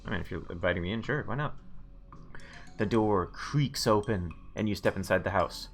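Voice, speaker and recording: A man's voice: on the low side, moderate pace, creaky, faint music behind. A man streaming a video game, reading its narration aloud with relish and making playful comments. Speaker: let's play streamer.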